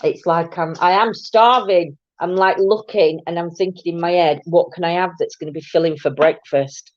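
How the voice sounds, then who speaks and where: A woman's voice: fairly low pitch, normal speed, darkish tone, no echo, lo-fi sound. A woman hosting a casual live morning chat from her home, rambling on and greeting viewers by name. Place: at home, indoors.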